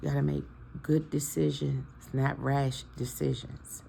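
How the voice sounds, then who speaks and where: A woman's voice: very deep voice, flat delivery, a little slow, vocal fry, warm tone, a little hiss or hum. A woman in her fifties talking to her followers in a casual, heartfelt and preachy way, emotional about her family. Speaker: vlogger. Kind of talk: casual heartfelt talk to camera.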